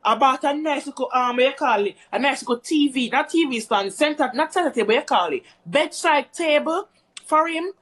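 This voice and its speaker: A woman's voice: high-pitched, expressive, a little fast, fairly bright tone. A woman telling a rambling, chatty story to her viewers in a casual storytime vlog. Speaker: vlogger.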